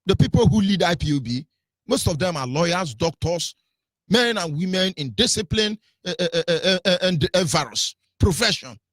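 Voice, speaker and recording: A man's voice: high voice, animated, normal speed, fairly bright tone, no room sound, studio quality. A man with a Nigerian accent giving impassioned, mocking political commentary on the radio. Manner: fiery, mocking, mimics voices.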